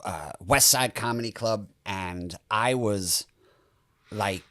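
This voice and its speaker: A man's voice: fairly low pitch, slow, sharp tone. A man co-hosting a podcast, a stand-up comic telling stories with a wry, exasperated edge. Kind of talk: casual chat.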